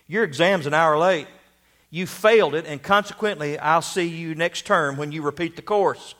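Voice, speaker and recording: A man voicing a gloating, gruff professor in a story told during a sermon. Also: fairly high pitch, normal speed, a bit bright, natural voice. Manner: snarling, mocking. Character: gloating, gruff male professor, middle-aged.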